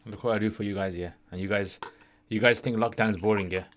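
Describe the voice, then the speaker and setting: A man's voice: on the low side, steady tone, quick pace, noisy background. A man hosting a casual livestream Q&A, chatty and often tagging his sentences with "yeah?". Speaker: livestream host answering questions.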